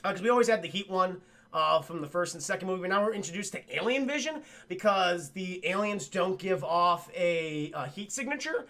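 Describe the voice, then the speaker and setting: Young guy streamer ranting about a movie to chat, swears a lot, high raspy voice. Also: a little fast. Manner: excitable, swearing, laughs often. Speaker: film review streamer. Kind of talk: casual film recap talking to live chat.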